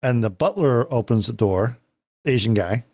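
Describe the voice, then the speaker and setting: Podcast co-host, male, mid pitch, dry close sound, relaxed anecdotes. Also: moderate pace, husky, dry recording. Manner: relaxed storyteller, hesitant fillers. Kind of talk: casual chat about a film.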